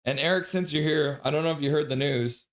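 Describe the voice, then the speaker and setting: Excitable man streaming hockey. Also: a little high, fast. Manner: excitable, shouts out viewers' chat messages. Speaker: streamer doing live hockey play-by-play. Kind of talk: casual live-stream commentary.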